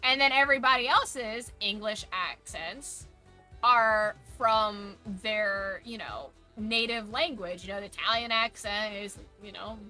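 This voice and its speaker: A woman's voice: medium pitch, bright, forceful tone. A woman streamer chatting casually while gaming, opinionated and ranting, swearing freely.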